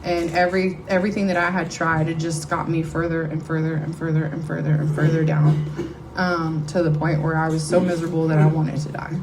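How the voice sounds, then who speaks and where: Her voice sits low with little movement in pitch, and she talks fairly quickly over a noisy background. A middle-aged woman, she's giving a candid, emotional, conversational testimony to a live audience in a recovery-meeting room.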